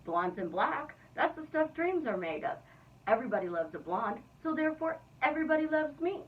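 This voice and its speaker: A woman's voice: high-pitched, big pitch swings, brisk, recorded from a distance, phone-quality sound. A woman talking as a manifestation coach in a casual vlog, playful and upbeat.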